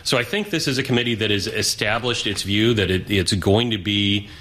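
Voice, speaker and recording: A man with a slightly low voice sits in a broadcast studio as an investment strategist. He explains markets in a measured, analytical way. He keeps checking in with a quick "right?". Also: fairly bright tone. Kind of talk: live financial news interview.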